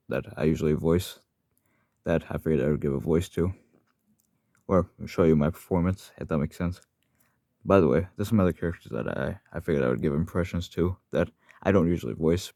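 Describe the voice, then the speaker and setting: A man's voice: low voice, mellow, no echo, clean studio sound. A man talking casually on his channel about the characters he voices, rambling and often correcting himself. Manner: rambling, self-correcting, apologetic. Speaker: fan voice actor for his channel. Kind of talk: casual vlog monologue.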